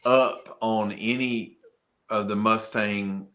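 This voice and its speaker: A man's voice: on the low side, steady tone, slow pace, fairly bright tone. A man, co-hosting a casual car podcast with dry, teasing remarks. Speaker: podcast co-host. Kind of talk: casual chat.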